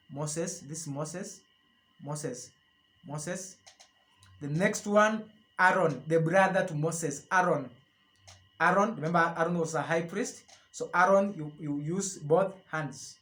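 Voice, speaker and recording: A man teaching sign language, slowly explaining and repeating each term as he demonstrates it. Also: fairly high pitch, fairly bright tone. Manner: slow and deliberate, repeating each word as he demonstrates. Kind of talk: instructional explanation.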